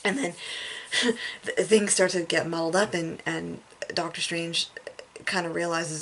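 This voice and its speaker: A woman chatting casually about a film she saw, laughing often and breaking into excited outbursts. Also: lowish voice, unhurried, a little hiss or hum. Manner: animated, laughs often, acts out lines in bursts. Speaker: vlogger reviewing a film.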